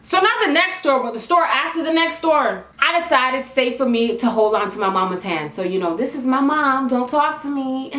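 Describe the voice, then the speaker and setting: Young woman vlogger from Toronto, fairly high voice, animated slangy storyteller, echoey room with faint music. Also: a little fast. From Toronto, Canada. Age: young adult. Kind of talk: casual storytelling to camera.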